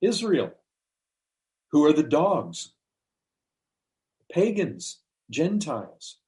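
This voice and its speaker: Slow, deliberate male preacher. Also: a little high, sing-song, dark tone. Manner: slow, conversational preaching with rhetorical questions and acted quotes. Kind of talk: sermon.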